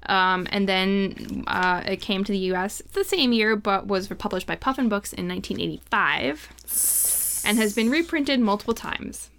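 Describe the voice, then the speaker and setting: A woman's voice: mid-range voice, normal speed, a bit bright, slight background noise. A woman co-hosting a podcast, summarizing a book in casual chat with frequent fillers. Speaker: podcast co-host.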